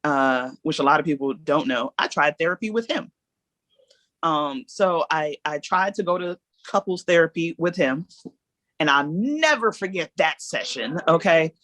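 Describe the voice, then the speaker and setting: A woman's voice: deep voice, expressive, normal speed, fairly bright tone, dry recording. A woman guest on a podcast, telling her own story candidly in long, earnest reflections.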